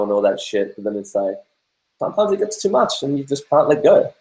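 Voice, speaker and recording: A man's voice: mid-range voice, a little mellow, echoey room, rough recording. A man hosting a casual question-and-answer chat, joking and nudging his partner along. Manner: laid-back, joking, prompting his partner. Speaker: channel host.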